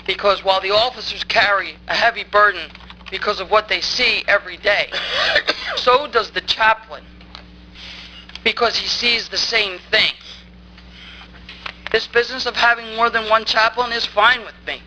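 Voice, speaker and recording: A woman's voice: mid-range voice, normal speed, long pauses, pushed and bright, slight background noise, poor audio. Angry woman berating a town council. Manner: angry, accusing and insistent. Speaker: resident speaking at public comment. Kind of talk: public comment at a council meeting. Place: town council meeting room.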